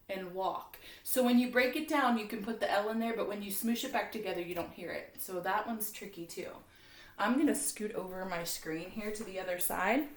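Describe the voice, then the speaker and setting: A woman teaching a second grade spelling lesson in a cheerful, encouraging way, slowly sounding out words for young children. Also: medium pitch. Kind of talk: recorded classroom lesson. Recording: roomy, from a distance.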